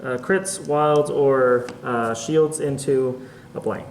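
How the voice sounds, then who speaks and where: A man's voice: mid-range voice, steady tone, slow. A man playing a tabletop game as co-host, giving short, matter-of-fact calls on his moves and the rules. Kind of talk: casual battle report commentary. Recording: echoey room with faint noise.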